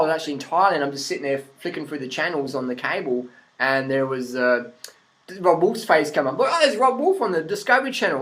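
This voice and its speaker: A man with a high-pitched voice and an Australian accent rants straight to camera in a casual vlog. He is blunt and sarcastic, swears freely and laughs often. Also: fairly bright tone, low-quality recording. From Adelaide, South Australia. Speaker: vlogger. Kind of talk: profane rant-style commentary.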